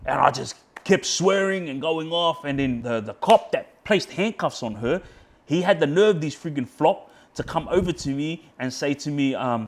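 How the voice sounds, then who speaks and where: A man's voice: a little high, animated, normal speed. Australian man telling a heated story. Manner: heated, swears a lot, re-enacts shouting in quotes; frequent fillers like yeah, bro, friggin'. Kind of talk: casual storytelling.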